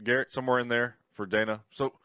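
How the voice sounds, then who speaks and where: A man's voice: mid-range voice, steady tone, fast, pushed and bright, smooth, no echo. A man co-hosting a casual podcast, teasing and egging the others on. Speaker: podcast co-host.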